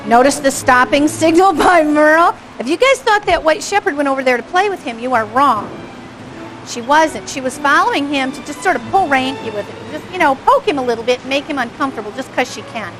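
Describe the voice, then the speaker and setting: High-voiced chatty woman instructor. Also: lively intonation, fairly quick, over music, low-quality recording. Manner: chatty, engaged, asks the audience questions, chuckles often. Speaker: dog behavior instructor. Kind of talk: live commentary on home video for a class.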